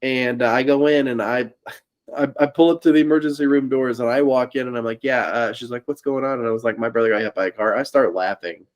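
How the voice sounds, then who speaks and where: A man's voice: mid-range voice, brisk. A man from Indiana co-hosting a podcast, telling a story in casual chat. He laughs often as he talks and acts out the people in it. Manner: laughs often through his own story. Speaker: podcast co-host.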